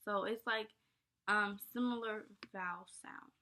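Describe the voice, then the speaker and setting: A woman's voice: medium pitch, steady tone, a little slow, background noise. A young woman explaining poetry terms in an informal lesson, casual and chatty with many fillers. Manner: casual, many ums and likes, addresses viewers as y'all. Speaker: teacher.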